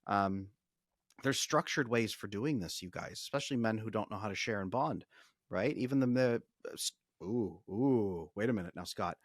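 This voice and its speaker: A man's voice: lowish voice, normal speed, dry recording, clean studio sound. A man, a relationship coach, explaining ideas animatedly as a guest on a podcast, acting out example conversations. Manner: animated, explanatory, talks through acted examples. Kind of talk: podcast interview.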